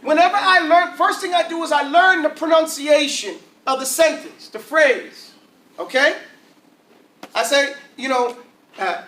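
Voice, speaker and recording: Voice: high-pitched, pushed and bright. An Arabic teacher, teaching a class casually in slangy talk and often checking that everyone follows. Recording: echoey room from far off.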